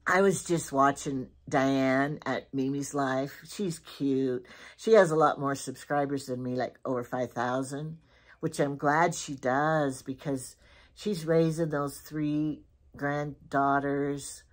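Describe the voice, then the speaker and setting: A woman's voice: very deep voice, fairly even intonation, slow pace. A middle-aged woman chatting casually through a shopping haul, rambling from one story to the next. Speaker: lifestyle vlogger.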